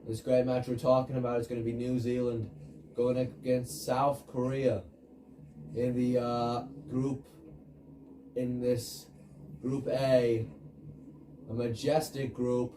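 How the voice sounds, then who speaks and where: A man's voice: medium pitch, flat delivery, slow pace, long pauses, warm tone, reverberant, a little hiss or hum, lightly acted, poor audio. A man putting on a pompous, formal sports commentator voice for a game match. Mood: mock-grand. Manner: pompous, formal announcer phrasing. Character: mock-grand male sports commentator. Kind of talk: playful commentary impression while gaming.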